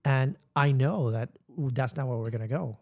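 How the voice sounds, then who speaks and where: A man's voice: medium pitch, normal speed. A man co-hosting a podcast, chatting casually and rambling, slipping in Spanish words. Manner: animated, rambling, mixes in Spanish. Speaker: podcast co-host. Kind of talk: casual chat.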